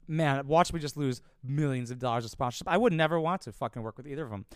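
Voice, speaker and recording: A young man telling stories in a casual, profane way, animated and crude. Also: fairly high pitch, quick pace, few pauses, clean tone, no room sound, clean studio sound. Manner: animated, crude, swears freely.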